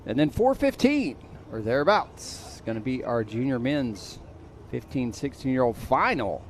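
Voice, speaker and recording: A man's voice: mid-range voice, slight background noise. A man announcing a live mountain bike race, calling results and rider call-ups over the PA. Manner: lively, rapid event announcing. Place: outdoors at a bike race venue.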